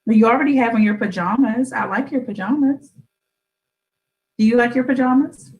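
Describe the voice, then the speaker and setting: A woman hosting a radio show, chatting gently and playfully with her young daughter and teasing her with questions. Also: a little high, moderate pace, lo-fi sound.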